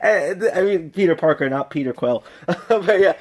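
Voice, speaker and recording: A man's voice: high voice, expressive, normal speed, hardly any pauses. A tipsy man casually reviewing a film on his vlog, gushing and rambling with many restarts and laughs.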